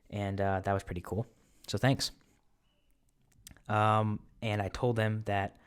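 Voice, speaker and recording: Rambling low-voiced man reviewing whisky. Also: a bit bright, clear, resonant tone. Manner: rambling, filler-heavy, goes off on tangents. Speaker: host. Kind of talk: casual whisky tasting review. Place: apartment.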